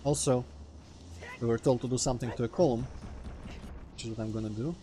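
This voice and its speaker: A man's voice: mid-range voice, steady tone, brisk, a little hiss or hum. Rambling man with a Russian accent. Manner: rambling, self-interrupting, reacts loudly to the game. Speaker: let's play host. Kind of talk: casual gameplay commentary.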